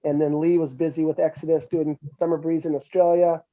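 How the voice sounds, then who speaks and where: A man's voice: on the high side, a little fast, lo-fi sound. A middle-aged man telling stories casually as an interview guest, animatedly acting out what others said. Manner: animated, acts out quotes with raised voice. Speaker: interview guest, metal musician. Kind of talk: casual storytelling.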